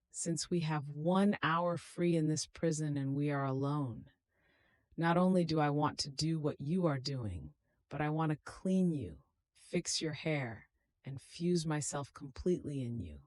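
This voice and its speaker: A woman reading a devotional meditation aloud in a slow, solemn, prayerful manner. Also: deep voice, animated, darkish tone, no room sound. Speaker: devotional reader.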